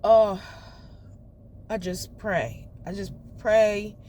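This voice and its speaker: A woman's voice: medium pitch, fairly even intonation, extremely slow, mellow, a little hiss or hum. A woman, a mother, venting candidly and emotionally in a personal vlog recorded in her car, swearing freely. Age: adult mother of children. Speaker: vlogger. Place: parked car.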